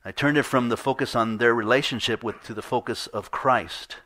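A man's voice: mid-range voice, moderate pace, bright, forceful tone. A middle-aged man preaching a sermon in a conversational way, acting out the voices he quotes. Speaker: pastor.

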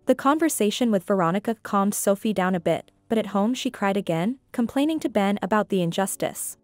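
Woman narrator, scripted story, even measured read, dry sound, faint music behind. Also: medium pitch, no room sound.

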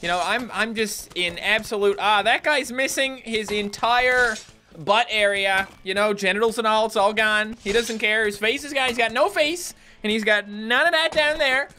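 A man's voice: high-pitched, normal speed, bright, forceful tone, a little hiss or hum. A man from Newfoundland doing jokey let's-play commentary, breaking into yelps and laughter as the game goes wild. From Newfoundland, Canada. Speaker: gaming YouTuber.

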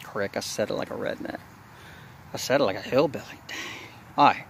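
A man's voice: mid-range voice, a little fast, gravelly, slight background noise. A man from Southeast Texas with a Southern accent, casually narrating a nature vlog outdoors and chatting to viewers in a rambling way. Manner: folksy and rambling, talking to viewers. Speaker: nature vlogger. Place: outdoors in marsh near a bridge.

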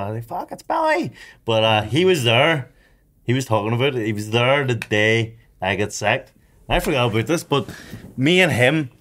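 A man's voice: lowish voice, a bit bright. A young man, telling a story as a podcast co-host, with lots of swearing and laughter. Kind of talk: casual chat, storytelling.

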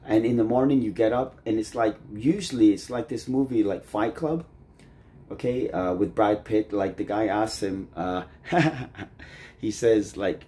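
A man with a lowish, mellow voice rambles through a casual vlog monologue. He strings thoughts together with endless "like"s, and his voice sinks quieter as sentences trail away. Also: a little slow. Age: adult, married. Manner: rambling, loose, leans on "like" constantly. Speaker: vlogger.

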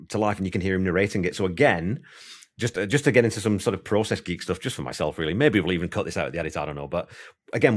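A man hosting a podcast interview, chatting casually and thinking aloud with plenty of asides. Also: low-pitched. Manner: rambling, thinks aloud, many "you know" asides. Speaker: podcast host.

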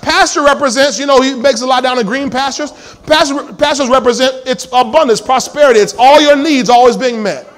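A man's voice: very high-pitched, a little fast, few pauses. A male pastor preaching a sermon in a church, emphatic and full of call-and-response questions to the congregation.

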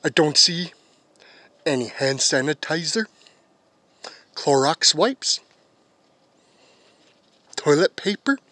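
A man voicing a pushy young man who talks in a low, quiet, matter-of-fact taunting way. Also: no echo, exaggerated voice.

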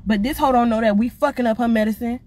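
A woman's voice: on the high side, fast. Blunt ranting woman. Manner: blunt, profane, animated ranting. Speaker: vlogger. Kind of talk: casual rant to camera.

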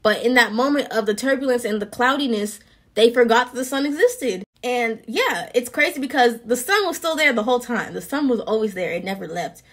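A young woman giving casual, earnest faith encouragement in a vlog, with slang and a lively way of talking. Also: on the high side, a little fast.

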